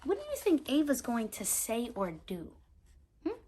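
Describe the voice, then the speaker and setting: A woman reading a picture book aloud to young children as their teacher, animated and talking straight to her listeners with questions. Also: on the high side, moderate pace, very noisy. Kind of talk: children's read-aloud lesson.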